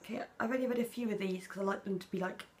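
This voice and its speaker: Speaking very fast in a mid-range voice, this young British vlogger works through a casual tag video, reading out personal questions and answering frankly. Slight background noise is audible; she's chatty but quiet and soft at emotional points.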